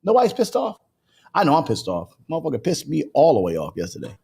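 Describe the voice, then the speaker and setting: A man hosting a casual live show, chatting and bursting into loud, laughing rants. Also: on the high side, wildly swooping pitch, fast talker, creaky, slightly rough. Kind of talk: casual live-stream chat.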